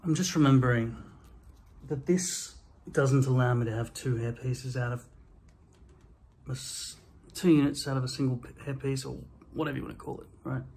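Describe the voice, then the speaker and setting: Man, worn out and short on sleep, mid-pitched, profane self-deprecating vlog rant into a phone. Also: fairly even intonation, normal speed, a little mellow, slight background noise, poor audio. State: exhausted and sleep-deprived. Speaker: vlogger. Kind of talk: rambling self-recorded rant.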